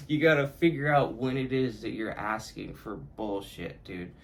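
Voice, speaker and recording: A man's voice: lowish voice, bright, forceful tone, slight background noise, rough recording. A young man hosting his own podcast, talking alone in a casual, reflective way, swearing freely and often laughing. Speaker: podcast host. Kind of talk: casual solo monologue.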